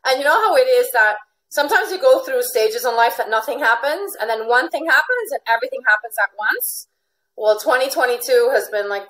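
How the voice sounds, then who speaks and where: A woman's voice: a little high, a bit bright, poor audio. A middle-aged woman with an American accent, a life coach being interviewed, chatting casually, laughing often and repeating her phrases. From Finland and Venezuela. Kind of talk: casual interview over video call.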